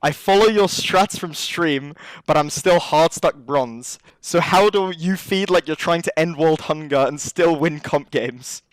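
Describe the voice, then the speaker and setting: A young British man hosting a casual chat, easygoing and quick to laugh. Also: on the high side, no echo, rough recording. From England. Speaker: host.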